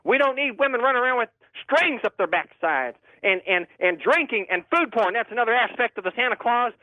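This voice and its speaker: A man's voice: very high voice, lively intonation, brisk, no echo. A man playing a fanatical older preacher who calls in to a radio show, blustering and mangling words. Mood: ranting. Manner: blustery, repeats "I'm gonna tell you what", mangles words. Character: fanatical older male street preacher, ranting. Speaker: caller. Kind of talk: comedy radio call-in bit. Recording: tinny phone line.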